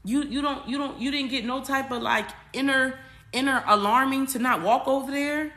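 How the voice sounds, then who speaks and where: High-pitched, bright and forceful, this woman talks at a moderate pace on her casual astrology livestream. She is a spiritual coach who addresses viewers directly, emphatic and repetitive, using casual slang and swearing.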